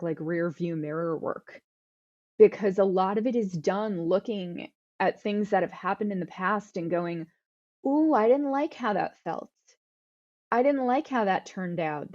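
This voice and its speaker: A woman's voice: fairly low pitch, a little mellow, muffled recording. A woman in her thirties answering interview questions earnestly, often restarting and repeating words as she thinks. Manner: earnest, self-correcting with repeated words and fillers. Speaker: guest author.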